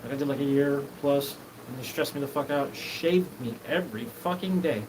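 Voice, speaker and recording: A man's voice: medium pitch, moderate pace. A man hosting his own show, talking in a rambling, disjointed, profane live monologue. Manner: disjointed, profane, jumps between topics. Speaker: show host. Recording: noisy background.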